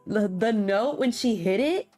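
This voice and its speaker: A woman's voice: mid-range voice, expressive, normal speed, faint music behind. A young woman streamer chatting casually and animatedly while she plays a game, full of slang and exclamations. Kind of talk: casual chat while gaming.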